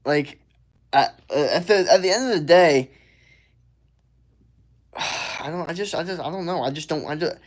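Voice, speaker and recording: A man's voice: a little high, normal speed, long pauses. A young man answering viewer questions on a casual livestream, slangy and rambling with lots of filler words.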